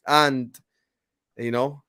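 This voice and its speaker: A man's voice: medium pitch, steady tone, drawn-out words, sharp tone, clean tone. A man ranting passionately about football, swinging into mocking impressions. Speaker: football fan pundit. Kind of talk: heated fan rant.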